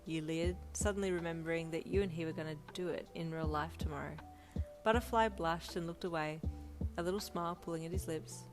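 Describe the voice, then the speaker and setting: A woman reading a fan fiction story aloud in an even storytelling manner, with faint instrumental music. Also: low-pitched, fairly quick. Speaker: story narrator.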